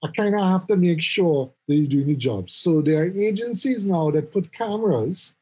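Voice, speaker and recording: A middle-aged man chatting casually about his office jobs, telling animated stories and often repeating words as he goes. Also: high voice, normal speed, husky, low-quality recording. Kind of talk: casual conversation.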